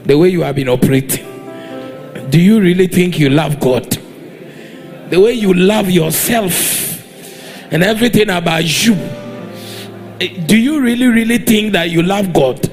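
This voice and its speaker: A man's voice: high-pitched, normal speed, soft background music. A man with a Ghanaian accent preaching a sermon in a church, exhorting the congregation and demanding they answer back. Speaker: pastor.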